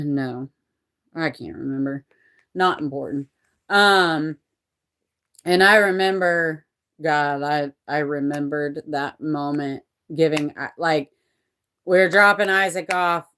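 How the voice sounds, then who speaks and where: A woman in her forties with a low-pitched voice, speaking casually to camera about her own life. She rambles and restarts often and swears without a second thought, in a frank, unpolished tone. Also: slow, long pauses, fairly bright tone, clean tone. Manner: rambling and candid, with frequent profanity and restarts. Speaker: vlogger telling a personal story. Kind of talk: candid personal storytelling.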